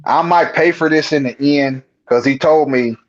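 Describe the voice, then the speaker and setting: A man's voice: fairly high pitch, normal speed, highs cut off. A man, a guest on the show, telling his own encounter in a rambling, colloquial way with frequent restarts. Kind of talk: casual storytelling.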